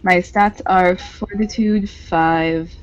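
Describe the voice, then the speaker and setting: A player in a casual tabletop role-playing session, unhurried and a little unsure, heard over an online call. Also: mid-range voice, fairly even intonation. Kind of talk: casual tabletop game chat. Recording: muffled lo-fi online call audio.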